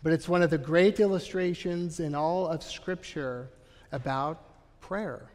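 A man's voice: a little high, long reverb tail. A man preaching a sermon as a pastor, earnest and emphatic, often checking in with the congregation. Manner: earnest, emphatic preaching with frequent "Right?" asides.

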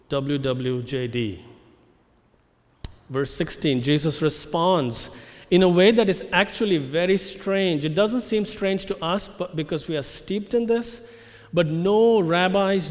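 A man preaching a sermon, measured and emphatic, slowing down to stress key phrases. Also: a little high, in a large hall. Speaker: pastor. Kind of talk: expository sermon.

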